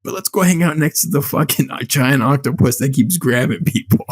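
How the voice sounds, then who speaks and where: Amid slight background noise, a man co-hosting a podcast rants about a film, his mid-range voice a little fast with few pauses. He swears frequently and tells it with lively incredulity in a casual chat.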